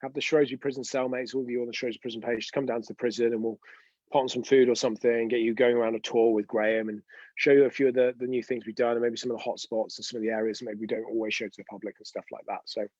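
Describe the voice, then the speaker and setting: A man's voice: mid-range voice, level tone, very fast, a little mellow, dry recording, lo-fi sound. A man hosting an unscripted live stream, telling chatty, rambling anecdotes with frequent restarts. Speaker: host of a weekly live show.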